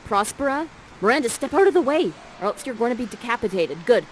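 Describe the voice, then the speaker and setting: A woman's voice: on the high side, very animated, fast, a little hiss or hum, rough recording. A woman playfully narrating and directing players through a live play, coaxing and jokey, on a headset mic. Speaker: immersive theater performer guiding players.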